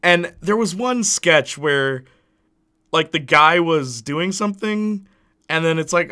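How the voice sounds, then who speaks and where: A man's voice: a little high, takes it slowly, clean tone. A young man hosting a gaming channel, chatting casually and telling rambling stories with bursts of laughter while reading his viewers' chat. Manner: animated rambling storyteller, breaks into laughter; reads and answers viewer chat. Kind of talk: casual let's-play chat.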